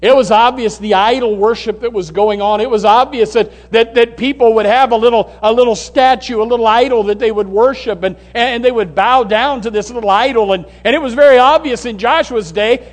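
A man preaching as a pastor, swinging from loud, rising calls down to near-whispers. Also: very high-pitched, a little fast, few pauses. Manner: preaching with sudden loud rises and hushed drops. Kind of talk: sermon.

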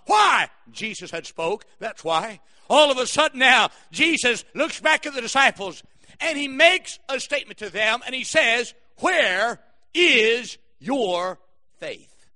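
High, bright-voiced preacher shouting. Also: male voice. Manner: dramatic storytelling, bursts of shouting. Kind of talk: sermon.

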